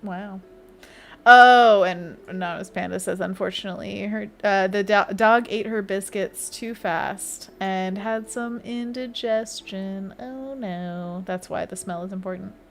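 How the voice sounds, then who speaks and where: A woman's voice: medium pitch, unhurried, gravelly, slight background noise. A woman hosting a casual art livestream, chatting and giggling as she reads chat aloud and talks to herself while she draws.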